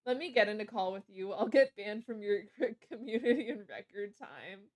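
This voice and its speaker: A woman's voice: medium pitch, lively intonation, moderate pace, darkish tone, dry recording. A woman streaming a card game live, chatting casually and giggling often as she rambles. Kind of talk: casual live gameplay commentary.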